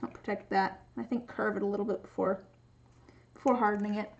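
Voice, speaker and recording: A gravelly woman's voice at medium pitch, with fairly even intonation and a fairly quick delivery, heard through dull audio. She's from the Pacific Northwest, has a light regional American accent, and rambles casually with plenty of restarts as she streams her crafting.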